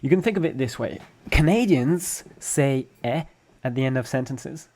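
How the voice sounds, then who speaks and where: A man's voice: mid-range voice, lively intonation, moderate pace, darkish tone. A young adult man with a French accent, teaching a language lesson and patiently explaining step by step with examples. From France.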